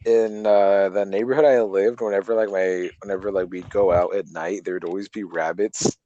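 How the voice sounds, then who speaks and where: A man's voice: low-pitched, steady tone, normal speed, mellow, highs cut off. A young man co-hosting a podcast, telling stories with energy, repeating himself and laughing. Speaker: podcast co-host. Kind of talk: casual storytelling chat.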